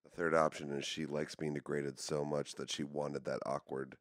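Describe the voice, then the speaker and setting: Deep-voiced man making teasing jokes. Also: flat delivery, normal speed, no room sound, studio quality. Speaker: podcast co-host. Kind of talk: casual chat.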